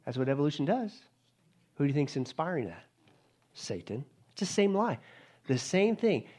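Emphatic male preacher, higher voice. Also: big pitch swings, moderate pace, warm tone. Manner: emphatic, rhetorical questions, addresses the crowd as folks. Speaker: pastor. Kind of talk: sermon.

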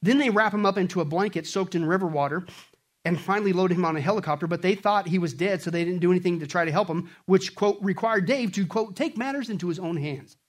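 A man preaching a sermon, animated, swinging between loud bursts and quiet stretches. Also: high-pitched, fast. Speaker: pastor.

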